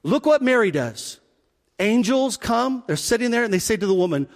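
In a church sanctuary, a high-voiced male pastor delivers a sermon at ordinary speed. His storytelling is animated, sometimes falling to a near hush to stress a point, while a long reverb trails his words.

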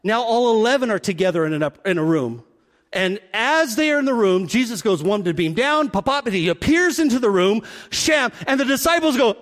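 Preaching in a big-room acoustic, this pastor has an extremely high-pitched voice. He's animated, dramatizing each scene as he tells it and switching voices quickly.

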